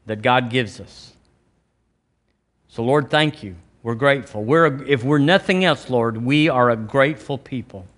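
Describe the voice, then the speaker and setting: A man with a Southern American accent, a pastor preaching a charismatic sermon and prayer, with emphatic delivery and sudden loud high rises. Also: measured pace. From Alabama, US. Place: church sanctuary.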